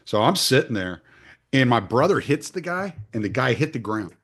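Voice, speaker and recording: A man's voice: medium pitch, moderate pace. Blunt, profane middle-aged man. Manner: blunt, profane, animated when telling stories. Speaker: podcast host. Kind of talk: casual conversational storytelling.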